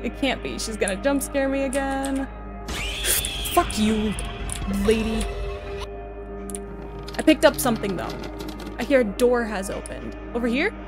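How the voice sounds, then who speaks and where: A gaming streamer, a young woman, plays a horror game at a measured pace, pausing often, her voice a little high. Jumpy, she talks to the game, exclaiming and cursing at it frequently, and game music plays underneath.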